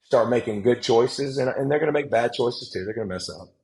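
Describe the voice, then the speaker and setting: A man, telling stories as a podcast guest, emphatic and animated, often restarting his sentences. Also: medium pitch, a little fast, low-quality recording. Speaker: guest, former football player and analyst. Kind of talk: casual podcast conversation.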